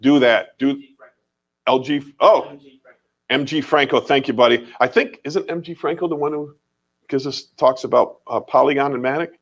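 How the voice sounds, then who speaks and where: A man's voice: mid-range voice, moderate pace. A man with an American accent co-hosting a casual livestream, talking emphatically and repeating his points. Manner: animated and emphatic, repeats phrases, mild swearing. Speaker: livestream co-host.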